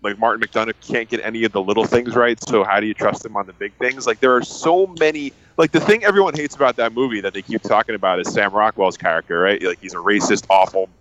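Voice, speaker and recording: A man in casual podcast chat, ranting in an excited, animated way about a movie he disliked. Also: fairly low pitch, quick pace, few pauses, muffled recording, slight background noise.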